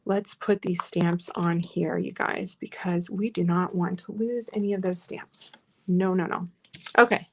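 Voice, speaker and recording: A woman's voice: fairly low pitch, steady tone, measured pace. A woman teaching a live online scrapbooking class in a chatty, encouraging way, reading out viewer comments as she works.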